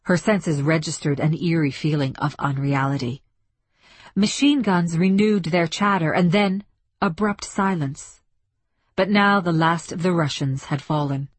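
A woman reading a story aloud as scripted narration, measured and dramatic. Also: sits low, husky, no room sound. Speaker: audiobook narrator.

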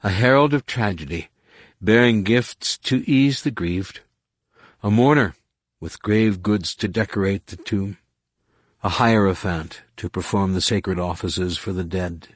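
A man voicing an enigmatic, mocking female alien in an audiobook, speaking slowly and cryptically. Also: sits low, dry recording, clean studio sound. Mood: calm mocking. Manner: slow, measured, cryptic. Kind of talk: audiobook narration.

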